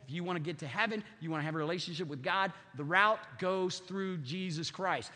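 A preacher in his fifties delivers a sermon in a high, bright voice, driving his points home with repetition. The sound rings with long reverb as if in a church hall. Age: 50s. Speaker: pastor.

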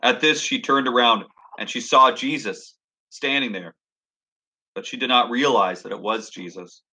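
Man preaching, bright clear tone, earnest and reflective, scripture reading. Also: medium pitch, normal speed. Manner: earnest, reflective, reads scripture then expounds.

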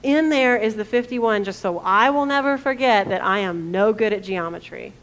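A woman pastor, preaching a conversational sermon that asks the congregation questions and drops to a hush for quoted lines. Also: mid-range voice, normal speed.

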